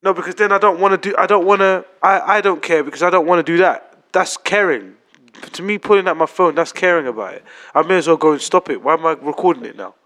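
A man's voice: high voice, fast talker, sharp tone. A man in casual podcast chat, insistent and repeating his point. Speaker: podcast co-host.

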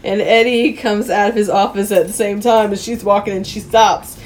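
A woman's voice: medium pitch, fairly even intonation, normal speed, a little mellow, slight background noise. A woman co-hosting a podcast, casually retelling a film's plot and acting out the characters' lines with laughter. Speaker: podcast co-host. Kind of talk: casual movie recap chat.

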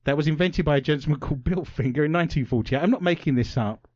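A radio talk show host with a slightly high, somewhat mellow voice jokes and puns at a fast clip, delivering quiz-show banter with theatrical flair. There's no room sound, and the audio is dry and a bit dull, lo-fi.

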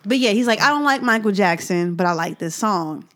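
A woman's voice: mid-range voice, expressive, a little fast, a bit bright. Woman host, wry storyteller, mid-range voice. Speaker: podcast host. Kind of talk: casual chat.

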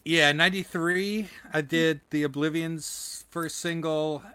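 Enthusiastic label guy chatting, bright voice, super dry sound. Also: fairly high pitch, steady tone, smooth, no room sound. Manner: enthusiastic, quick to laugh, lots of yeahs. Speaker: record label owner. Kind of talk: casual conversation.

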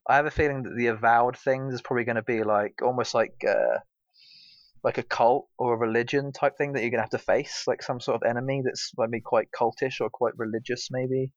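A man's voice: medium pitch, steady tone, fairly quick, no echo, dull audio. A British man co-hosting a casual gaming podcast, rambling with lots of fillers. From Britain. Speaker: podcast co-host. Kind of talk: casual chat.

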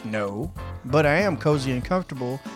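A young man co-hosting a comedy podcast, delivering crude lines in a deadpan way during ad-read takes. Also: medium pitch, moderate pace, faint music behind. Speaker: podcast co-host. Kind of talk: ad-read outtakes, casual banter.

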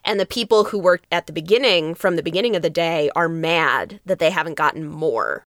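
Woman pastor chatting on a podcast, smooth clear voice, dry close mic, animated. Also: deep voice, fairly quick, no room sound. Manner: animated, laughs easily, acts out quotes. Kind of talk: casual chat.

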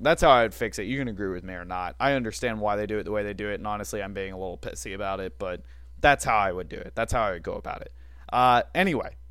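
A man's voice: lowish voice, fairly bright tone, clear, resonant tone, no room sound. A man co-hosting a casual sports talk show, giving opinionated takes with wry, self-mocking asides.

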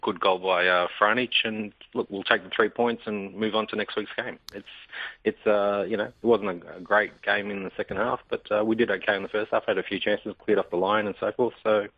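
A man phoning in to a sports radio show, measured and matter-of-fact. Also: on the low side, steady tone, no echo. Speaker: caller. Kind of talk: radio phone-in. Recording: muffled phone line.

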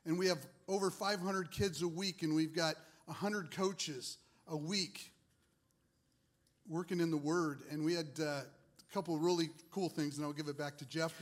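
A man, a ministry leader, sharing his testimony with a congregation in a casual, rambling way with many fillers. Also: a little high.

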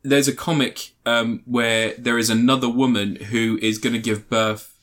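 A man's voice: mid-range voice, unhurried. A man hosting a podcast, chatting casually about films and acting out scenes with funny voices. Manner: animated storyteller, acts out film scenes with funny voices and laughter. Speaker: podcast host.

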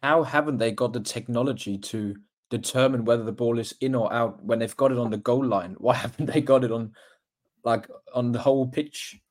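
Lad on a footie podcast, mid voice, asking why the tech isnt there, casual. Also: male voice, mid-range voice, moderate pace. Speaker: podcast co-host. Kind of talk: casual chat.

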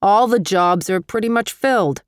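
A gruff, busy newspaper editor, as a woman reader puts him on, curt and in a hurry. The voice comes through smooth and clear over a dry, close recording. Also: medium pitch, normal speed, dry recording, lightly acted.

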